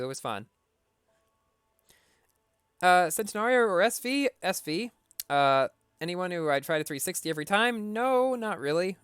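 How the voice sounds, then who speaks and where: A man's voice: a little high, a bit bright, smooth, dry recording, clean studio sound. A man streaming a racing game, reading viewer questions aloud and answering them briefly in a casual tone.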